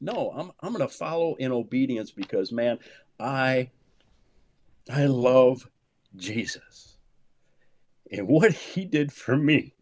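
A man's voice: lively intonation, slow, long pauses, no echo. Emphatic pastor in his fifties, dry sound. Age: 50s. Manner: emphatic, swings from low murmurs to loud high exclamations; peppers speech with "man", repeats words for emphasis. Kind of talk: animated conversational preaching.

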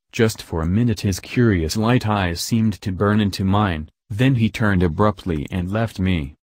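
A man narrating a novel as an audiobook in a steady, even storytelling manner. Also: lowish voice, no echo, studio quality.

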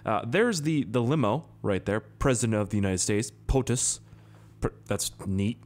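A young man hosting a casual gameplay video, rambling, swearing a lot and jumping from high excited yelps to low mutters. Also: normal speed. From Canada. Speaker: gaming video host.

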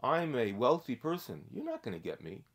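A man's voice: mid-range voice, wildly swooping pitch, normal speed, pitched above the performer's own voice. A man doing a proud, boastful Hasidic merchant. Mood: proud, emphatic. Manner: boastful, emphatic. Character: proud wealthy Hasidic man, self-assured scholar.

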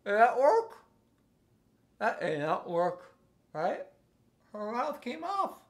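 A man's voice: very high voice, huge pitch swings, slow. A man leading a playful interactive music lesson for young children, coaxing them to join in with a sing-song delivery.

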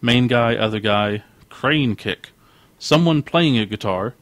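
A man's voice: mid-range voice, unhurried, dry recording. Chatty male podcast co-host, dry close sound. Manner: animated storyteller who acts out quoted voices. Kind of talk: casual podcast chat.

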